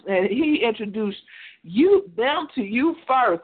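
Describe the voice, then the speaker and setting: Woman co-host, lively slangy chatter, slightly high voice, thin phone-like audio. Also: unhurried. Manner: laughing, animated, slangy. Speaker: radio show co-host. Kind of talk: casual chat. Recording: tinny phone-like sound.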